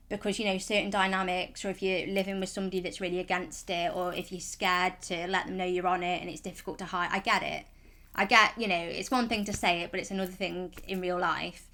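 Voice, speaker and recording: A woman's voice: mid-range voice, a bit bright. A woman, talking casually in a vlog, chatty and rambling, frank and reassuring. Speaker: vlogger.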